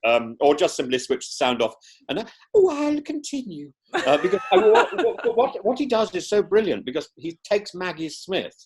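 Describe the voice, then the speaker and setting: A man chatting as a podcast guest, animated and theatrical, often restarting and repeating words as he thinks. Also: a little high, normal speed. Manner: animated, theatrical, breaks into put-on voices. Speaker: podcast guest, professor and former politician. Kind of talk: casual interview chat.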